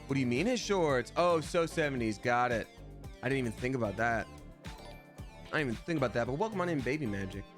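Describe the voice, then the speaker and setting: A man's voice: medium pitch, expressive, fast, faint music behind. A man streaming live, chatting casually in a playful, rambling way and reading viewers' names aloud. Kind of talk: casual livestream chat.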